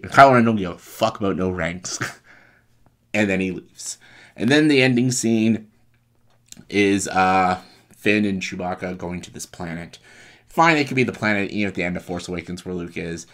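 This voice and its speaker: Deep-voiced man animatedly retelling a story. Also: normal speed. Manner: animated, laughs and swears while recounting. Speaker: video creator.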